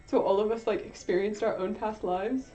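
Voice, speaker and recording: This livestream host is a tired young woman whose medium-pitched, dark voice holds a steady tone at a moderate pace. She chats casually in a fake British accent, rambling and poking fun at herself, over dull lo-fi audio with faint background music.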